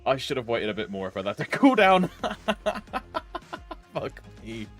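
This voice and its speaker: Slow, animated male game streamer. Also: mid-range voice, faint music behind. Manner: joking, swearing, scat-humming to himself. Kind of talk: casual live game streaming.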